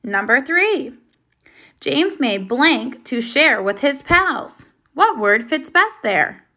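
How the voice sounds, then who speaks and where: A woman teacher giving a recorded reading lesson for young children, slow, clear and encouraging, with lively praise. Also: high voice.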